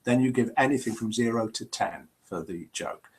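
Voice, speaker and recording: A man's voice: mid-range voice, moderate pace. A middle-aged man hosting a casual live chat show, reading out viewer comments and joking with them. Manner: chatty, jokey, reads out viewer comments and answers them.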